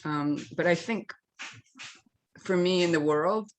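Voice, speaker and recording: Older woman minister, low voice, choked up, stop-start personal sharing. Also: a little hiss or hum, low-quality recording. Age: 60s. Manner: halting, emotional, with many restarts. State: tearful. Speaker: interfaith minister. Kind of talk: personal sharing in a faith circle.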